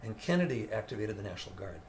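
Speaking fast in a lowish voice, an older session guitarist with long studio experience animatedly tells an interview story, playing each character's voice. A faint hiss or hum runs under the recording.

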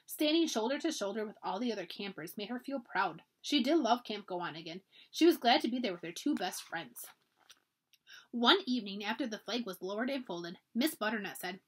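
A woman, a librarian, reading a children's chapter book aloud with expressive storytelling. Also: medium pitch, a little fast, slightly rough.

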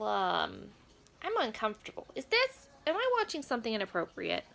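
A woman's voice: on the high side, gravelly, bright, forceful tone, exaggerated voice. A woman playing a prim, nosy grandmother who reacts to a pop performance with prudish, flustered, rambling remarks and quaint asides. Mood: bemused. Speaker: comedic reaction host. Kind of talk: comedic character reaction video.

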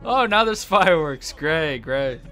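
A young man gives let's-play commentary in a high, lively voice that swings widely in pitch. He sounds bright and edgy, laughs often and yelps when something surprises him. Faint music plays underneath. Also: a little slow. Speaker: gaming YouTuber.

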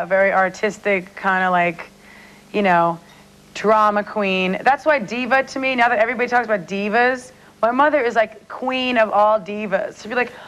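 A woman's voice: mid-range voice, fairly bright tone, low-quality recording. Giggly woman talk-show guest. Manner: chatty, giggly, self-deprecating. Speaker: celebrity guest. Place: remote link from New York.

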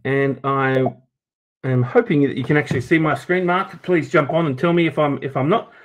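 A man's voice: on the high side, moderate pace. An Australian man from Sydney giving an informal conference talk to teachers over a video call, chatty and jokey, with many fillers and restarts. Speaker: teacher presenting at an education event. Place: at his desk, presenting over a video call.

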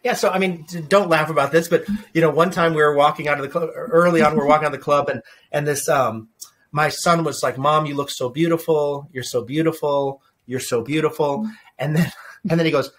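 A middle-aged man being interviewed as a leadership speaker, telling animated family anecdotes with frequent restarts. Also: a little high, quick pace. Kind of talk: conversational interview storytelling.

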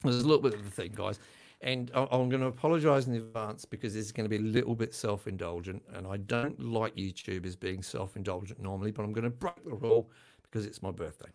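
An older man hosts a relaxed livestream chat with a gravelly, slightly rough edge to his voice. He talks in a chatty, self-deprecating way and breaks into laughter often. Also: on the low side, fast. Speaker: channel host.

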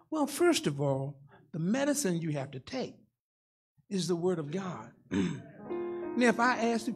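A man's voice: high-pitched, a little mellow. A man in his sixties preaching a sermon as pastor, in a folksy, rhythmic style that repeats phrases and calls for responses from the congregation. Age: 60s.

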